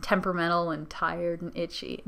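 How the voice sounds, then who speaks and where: Bright-voiced young woman ranting, giggly. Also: lowish voice, flat delivery, moderate pace, creaky. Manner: rambling, giggly, sarcastic asides. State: tired from no sleep. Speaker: vlogger. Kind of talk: casual rant to camera. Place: her bedroom.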